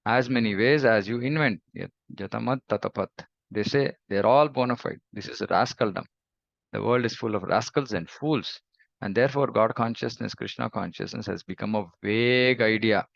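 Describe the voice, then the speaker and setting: A man's voice: fairly low pitch, normal speed, creaky, no echo. A man giving a scripture lecture as a spiritual teacher, emphatic and repeating points for stress. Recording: dull lo-fi recording.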